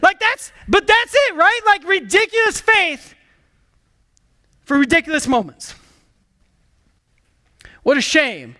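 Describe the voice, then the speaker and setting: A man preaching a sermon in an energetic, emphatic way, calling out to the congregation and dropping into hushed low asides. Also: slow pace, pauses often. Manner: swings from excited bursts to hushed low asides. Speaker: pastor.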